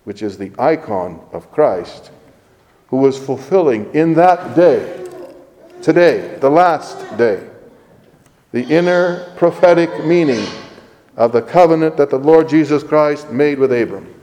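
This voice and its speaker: A man preaching a sermon as a priest, slow and deliberate, stressing words as he reads scripture aloud. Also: fairly high pitch, lively intonation, mellow, in a large hall, a little hiss or hum, poor audio.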